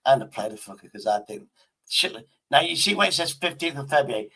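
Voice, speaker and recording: A man's voice: medium pitch, lively intonation, quick pace, pushed and bright. A man livestreaming in casual chat, rambling to himself and swearing constantly.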